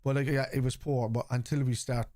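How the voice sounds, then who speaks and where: A man's voice: mid-range voice, fairly even intonation, fairly quick, a little mellow, no room sound, clean studio sound. A man hosting a live fan watchalong, reading out and answering viewer chat in a blunt, casual way, swearing freely. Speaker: fan channel host.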